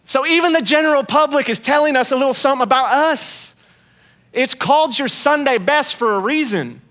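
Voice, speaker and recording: A man's voice: very high voice, fairly quick, fairly bright tone. A man preaching a sermon as a guest speaker, in a conversational, playful way, acting out quoted voices.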